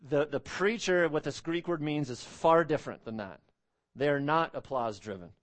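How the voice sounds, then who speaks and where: A man's voice: a little high, animated, normal speed. A man preaching an expository sermon as pastor, earnest and emphatic, repeating phrases and stretching out key words.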